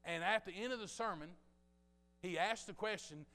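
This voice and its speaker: Guy preaching a sermon, bright sharp voice, gets loud then goes quiet, big echoey church hall. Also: sits high, moderate pace. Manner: impassioned storytelling, swinging between loud and hushed. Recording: long reverb of a large hall.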